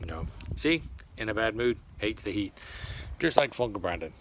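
A man's voice: fairly low pitch, expressive, normal speed, a little hiss or hum. A man, vlogging outdoors in his garden for a child in a playful, singsong way and calling himself by his own name. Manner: speaks of himself in the third person, upbeat and singsong.

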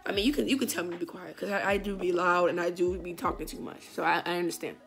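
A woman's voice: lowish voice, steady tone, fast talker, vocal fry, music in the background. A woman hosting a reaction video, chatty and rambling, laughing often. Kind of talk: casual reaction commentary.

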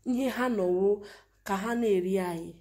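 Her voice medium in pitch and a little mellow, a woman with a Nigerian Igbo accent speaks at a moderate pace. As a commentator, she gives an impassioned, lamenting monologue in mixed Igbo and English, posing rhetorical question after rhetorical question.

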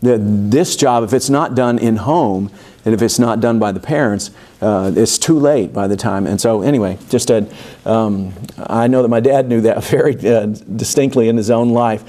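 A man leading a Bible study in a church, in a mid-pitched, conversational voice. He wanders into asides with plenty of fillers and lifts his voice for emphasis when he reads the text. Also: normal speed, mellow. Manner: digressive, many fillers and asides, rises for emphasis when reading.

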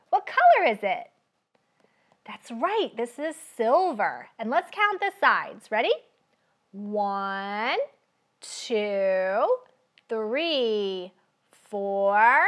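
A woman running a children's library storytime, talking in a drawn-out, sing-song way for small children. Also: sits high, fairly bright tone.

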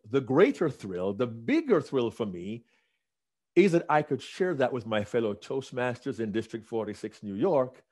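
A man in his sixties giving a motivational keynote speech, telling stories dramatically. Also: medium pitch. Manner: dramatic storytelling, animated. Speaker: keynote speaker.

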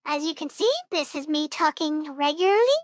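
A man's voice: very high-pitched, expressive, moderate pace, no echo, pitched above the performer's own voice. A man through an AI changer as a tiny girl companion. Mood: casual. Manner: casual demo talk. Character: small high-voiced girl companion.

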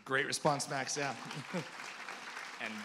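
A man's voice: medium pitch, level tone, slow pace, crowd noise, background noise. A man moderating a conference panel, candid and conversational, hesitating as he words his questions. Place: conference stage with audience.

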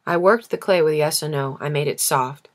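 A woman reading a novel aloud as an audiobook, measured and intimate. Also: sits low. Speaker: audiobook reader.

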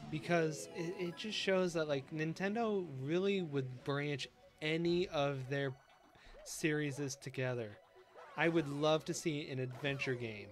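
Gushing young man, slow-spoken streamer. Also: on the high side. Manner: gushing, excitable, emotional, with gasps and laughs. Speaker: game streamer. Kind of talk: casual chat while streaming a game.

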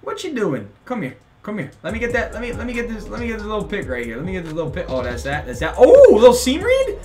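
A man's voice: high-pitched, lively intonation, rapid-fire. A young man giving casual, slangy commentary over his own football video game match, talking to the opponent and to viewers. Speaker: gaming YouTuber.

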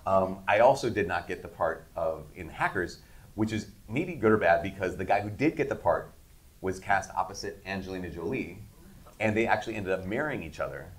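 Brief: 50s man, low voice, interview guest, animated and laughing anecdotes. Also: fairly quick. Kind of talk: casual storytelling.

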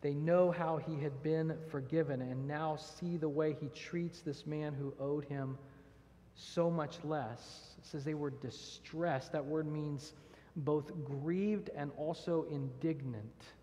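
A man's voice: on the high side, steady tone, takes it slowly, warm tone. A man preaching a verse-by-verse sermon as pastor, earnest, asking rhetorical questions and reading scripture aloud. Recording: long church reverb.

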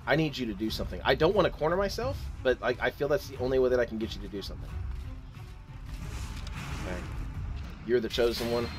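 A man's voice: medium pitch, lively intonation, fast talker, long pauses, soft background music. A young man giving let's play commentary, frantic and exclaiming as he talks to himself and the game. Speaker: gaming channel host.

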